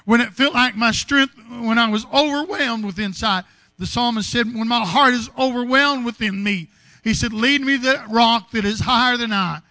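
A man preaching in a high, bright voice. He tells homely stories from his own life, then lifts them into fervent preaching. The sound is close and dry. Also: moderate pace, no echo. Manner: folksy storytelling, rising to fervent preaching. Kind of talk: sermon with personal stories.

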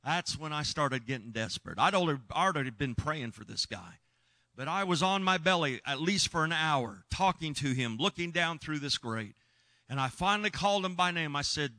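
Man, preacher, earnest, emphatic, bright tone, dry sound. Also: a little high, lively intonation, moderate pace, no room sound. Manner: earnest, emphatic, shouts when reliving moments. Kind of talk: sermon storytelling.

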